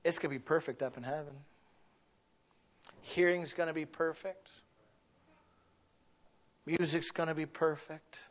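A man preaching a sermon as pastor, shifting from quiet, near-whispered passages to loud, exclaiming ones. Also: fairly high pitch, fairly even intonation, unhurried, pauses often, highs cut off. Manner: swings from hushed and intimate to loud and exclaiming.

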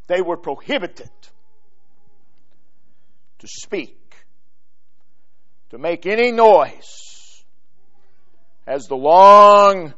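A man preaching a sermon. He reads scripture in King James wording and swings from loud, stressed lines to hushed drops. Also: sits high, highs cut off.

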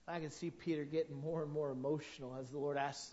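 A man's voice: on the high side, steady tone, fast, hardly any pauses, darkish tone, highs cut off. A man preaching a sermon, telling stories in a folksy, colloquial way full of asides. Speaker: pastor.

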